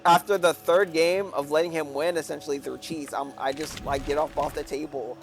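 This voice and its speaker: Rambling male streamer, slightly high voice. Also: fairly even intonation, fairly quick. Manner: rambling, with many "like" and "right?" tags. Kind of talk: casual storytelling while gaming.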